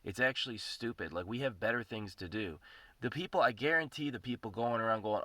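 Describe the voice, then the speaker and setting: A man's voice: medium pitch, expressive, brisk, sharp tone, no echo. A man ranting in a casual monologue as the host of his own podcast, swearing often, rambling and repeating himself.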